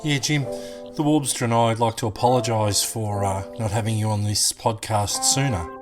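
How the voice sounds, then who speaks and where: A man's voice: on the low side, fairly even intonation, normal speed, music in the background. A man co-hosting a podcast in casual banter. He is teasing and playful and often breaks in with questions. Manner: teasing, playful, with many interruptions. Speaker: podcast co-host.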